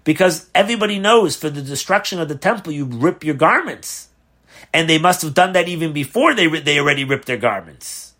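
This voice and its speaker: A rabbi teaching a class on a religious text, posing questions and answering them in a conversational, animated way. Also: male voice, fairly high pitch, fairly quick. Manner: asks rhetorical questions, animated emphasis. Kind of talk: Torah class explaining a text.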